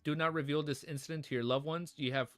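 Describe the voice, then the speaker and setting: A man reading the lines of a brisk, stern male captain in a novel, in his own plain voice. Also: fairly high pitch, steady tone, fairly bright tone, close to an everyday voice. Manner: brisk, terse.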